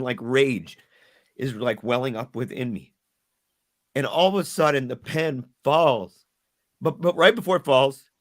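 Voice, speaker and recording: A man's voice: medium pitch, fairly bright tone. Earnest man telling a hard story. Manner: earnest, halting, repeats words when moved. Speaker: podcast guest. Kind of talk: emotional personal storytelling.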